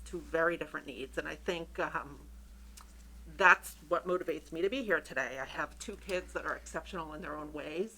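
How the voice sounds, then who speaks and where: A woman introducing herself as a school committee candidate, eager and a little nervous, talking quickly. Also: low voice, pushed and bright, breathy edge, low-quality recording. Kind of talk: prepared self-introduction at a public meeting. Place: town meeting room.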